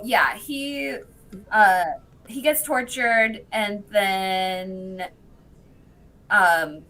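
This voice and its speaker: A woman recapping TV episodes in casual chat, telling the story with lots of fillers and quick bits of the characters' lines. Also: medium pitch, fairly bright tone, rough recording. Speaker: podcast guest.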